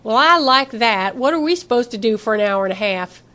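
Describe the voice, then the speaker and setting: A woman's voice: a little high, animated, a little fast, sharp tone. A woman doing a blunt army corporal. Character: blunt, practical young male army corporal.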